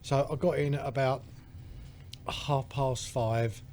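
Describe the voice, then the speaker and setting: A man's voice: medium pitch, fairly even intonation, slow, darkish tone. Man, chatty and laughing, casual podcast chat, light background noise. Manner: chatty storyteller, laughs a lot. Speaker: podcast co-host.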